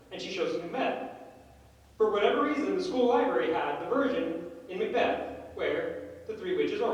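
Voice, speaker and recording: Animated man in a far, echoey hall. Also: high-pitched. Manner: animated, laughing storyteller. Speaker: panelist. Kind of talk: storytelling on a convention panel. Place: large convention panel room.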